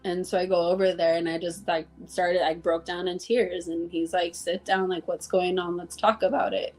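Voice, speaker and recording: Faint music plays behind this woman's fairly low, slightly mellow voice, which is flat and paced normally. She's an interview guest chatting casually, warmly recounting stories about coworkers, performing the lines of dialogue and filling her speech with "like."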